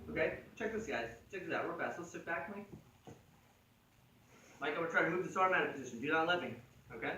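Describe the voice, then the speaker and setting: A man with a bright, ringing voice, on the higher side for a man, teaching a jiu-jitsu class in casual, joking talk. He is recorded from a distance in an echoey gym, with faint room ambience behind him. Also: expressive, quick pace, pauses often, muffled recording, a little hiss or hum. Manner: joking, conversational, frequent "right?" check-ins. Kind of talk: casual technique instruction. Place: martial arts gym.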